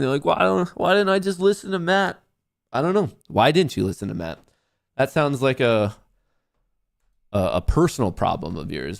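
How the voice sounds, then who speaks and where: A man with an ordinary mid-range voice hosts a live trading stream. He talks fast and brashly, swearing, cheering his positions on and boasting. He also explains a sponsor's service in plain, steady terms. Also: medium pitch, gravelly. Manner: excitable, cheering at the screen, profane. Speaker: livestream host, day trader.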